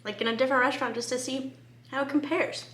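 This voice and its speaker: A woman's voice: high-pitched, steady tone, fast talker, a bit bright, slight background noise. A woman food vlogger, bubbly and enthusiastic, giving a casual review of a dish at home in her kitchen.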